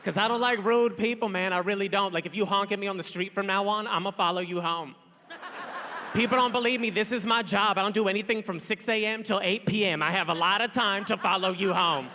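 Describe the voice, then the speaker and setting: A man in his thirties doing a loud, playful stand-up comedy set on a large theater stage, acting out characters. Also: high-pitched, steady tone, fairly quick. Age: 30s. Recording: long hall reverb, crowd noise.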